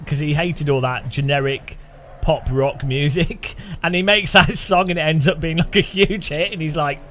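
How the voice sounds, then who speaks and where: A man's voice: a little high, moderate pace, a bit bright, a little hiss or hum. A man streaming a racing game in casual, rambling chat with a faint music bed behind. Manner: rambling, chatty, laughs often, hums and imitates sounds.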